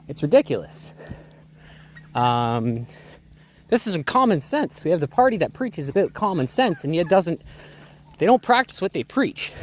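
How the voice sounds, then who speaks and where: A man's voice: a little high, slight background noise. Breathless, angry man ranting outdoors. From Ontario, Canada. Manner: heated, profane, rhetorical questions. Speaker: small-scale poultry farmer. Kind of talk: angry outdoor vlog rant. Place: outdoors on a farm among birds. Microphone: phone held one-handed. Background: faint farm ambience with ducks and fowl.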